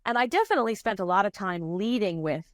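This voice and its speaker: A woman's voice: mid-range voice, lively intonation, quick pace, no room sound, studio quality. A middle-aged woman working as a grief counselor, answering interview questions in a candid, searching way with frequent restarts.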